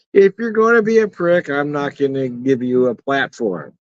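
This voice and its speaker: A man's voice: medium pitch, very animated, a little slow. A middle-aged man reviewing beer in a casual rambling vlog, blunt and profane, chuckling often, talking outdoors in the evening. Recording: dull, slightly lo-fi and dry.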